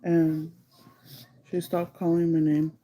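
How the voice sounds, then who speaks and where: On a livestream, a woman with a low, dark voice that barely moves in pitch rambles through a casual story, with poor audio and a little hiss or hum. "Like" comes up constantly, Spanish slips in, and she stretches out some phrases slowly for emphasis.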